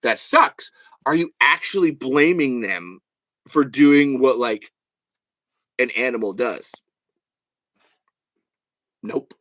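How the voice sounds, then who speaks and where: A man hosting a solo podcast, talking fast and swearing as he rants about films while reading comments. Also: mid-range voice, very animated, no room sound. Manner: fast, profane, ranting with loud bursts. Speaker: podcast host.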